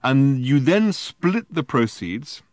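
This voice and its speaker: A man voicing a drunk, rambling man telling a tall tale, talking loud, halting and insistent. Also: mid-range voice, very animated, no echo, studio quality, pitched above the performer's own voice. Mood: tipsy.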